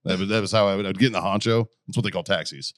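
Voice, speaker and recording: A man's voice: low-pitched, very fast, fairly bright tone, dry recording, clean studio sound. A man and former Marine co-hosting a podcast, joking crudely in casual banter and laughing often.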